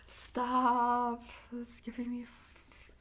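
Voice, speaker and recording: A woman's voice: a little high, monotone, very slow, fairly bright tone, a little hiss or hum. A woman with a stuffy nose chatting on a livestream, often dropping into a half-whisper, giggling as she reads and answers chat. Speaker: ASMR streamer.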